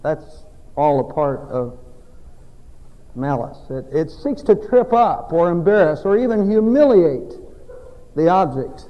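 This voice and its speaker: A man preaching a sermon as a pastor, emphatic and folksy, with loud exhortation and quiet asides. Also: on the high side, very animated, slow, long pauses, big-room sound, muffled recording. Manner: folksy, self-deprecating humor.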